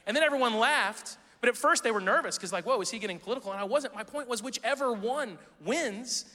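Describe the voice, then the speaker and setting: A man's voice: very high-pitched, brisk, bright, forceful tone, long reverb tail. A man preaching a sermon as pastor, casual and joking, reading scripture and adding playful asides.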